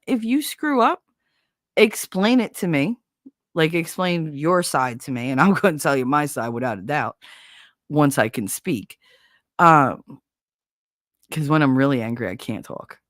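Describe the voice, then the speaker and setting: A woman's voice: low-pitched, no echo, studio quality. A woman hosting a live stream, chatting casually and profanely with her viewers, acting out quoted lines in exaggerated voices. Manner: profane, wisecracking, acts out quotes in big voices. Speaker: livestream host.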